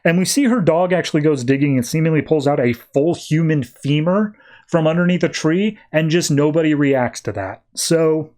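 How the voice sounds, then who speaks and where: A man's voice: a little high, a little mellow. Chatty man recapping a comic. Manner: quick, chatty storytelling. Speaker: podcast host.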